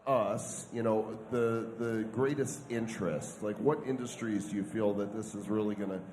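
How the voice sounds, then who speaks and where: A man's voice: on the low side, fairly even intonation, moderate pace, a little mellow, slight background noise. A man cohosting a live podcast panel, eagerly putting questions to guests. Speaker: podcast co-host. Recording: roomy live hall with long reverb.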